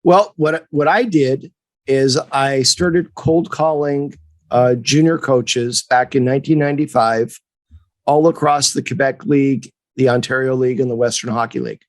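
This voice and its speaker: A man in his fifties from Montreal, co-hosting a podcast and telling a casual story in an animated way, acting out the people in it. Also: mid-range voice, moderate pace, no echo. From Montreal, Canada. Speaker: podcast co-host and hockey agent.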